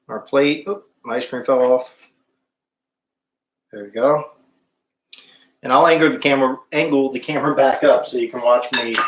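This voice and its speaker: A man's voice: medium pitch, roomy sound. A man hosting a casual live-stream cooking show, chatting with viewers and humming while he tastes. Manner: chatty, stops to hum while tasting.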